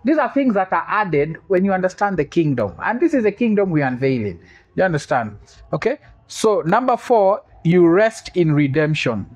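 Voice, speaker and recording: A preacher with a high, husky voice delivers a sermon, very animated and fairly quick. He repeats key phrases for emphasis, quizzes the congregation for responses and slips in humorous asides.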